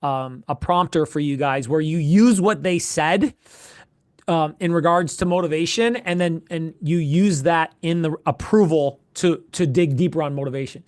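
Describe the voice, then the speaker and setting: A man with a high voice coaches a sales role-play in a casual, animated way. He swears freely and fires off short phrases over and over. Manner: animated, profane, quick bursts of repeated phrases. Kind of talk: coaching feedback in casual chat.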